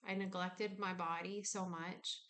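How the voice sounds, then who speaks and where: A woman's voice: fairly low pitch, little pitch movement, a little slow, fairly bright tone. Candid woman musing at home. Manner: candid, musing, acts out inner dialogue. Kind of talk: reflective personal vlog talk. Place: home kitchen.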